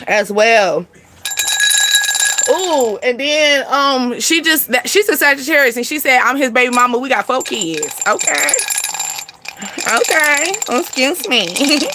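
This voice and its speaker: Woman, casual astrology reader, bright high voice, laughs and swears easily. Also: a little hiss or hum. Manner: chatty, laughs often, sings and acts out snippets; swears casually, addresses viewers as y'all. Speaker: spiritual reader.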